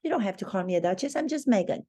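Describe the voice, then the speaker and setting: A woman mockingly voicing a haughty, self-important woman celebrity in a breathy, exaggerated sing-song voice. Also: mid-range voice, expressive, very fast, warm tone, close to an everyday voice. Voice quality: breathy put-on whisper.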